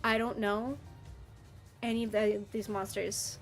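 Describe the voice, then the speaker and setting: Faint music plays behind a woman casually streaming to her viewers in a medium-pitched voice. Animated and playful, she responds to chat with mock outrage and quick laughs.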